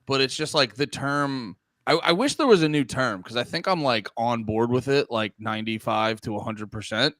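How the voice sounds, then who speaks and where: A man talks through a casual podcast conversation with lots of energy. His voice jumps high whenever he mocks someone he's quoting. The mic is close and dry, with no room sound. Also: moderate pace, hardly any pauses, dry recording. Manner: animated, jumps into high mocking voices when quoting others. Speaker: podcast co-host.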